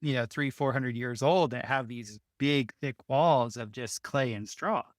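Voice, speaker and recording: A builder appearing as an interview guest tells a story in a casual, rambling way, often restarting and slipping in short laughs between phrases. His voice is medium-pitched and his pace measured. The recording is dry and of studio quality.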